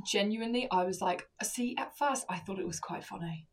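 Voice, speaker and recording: A woman's voice: mid-range voice, fairly quick, far from the mic. A young woman, a podcast co-host, telling a story in casual chat and acting out the quotes, with frequent swearing. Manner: chatty storyteller, acts out quotes, swears often.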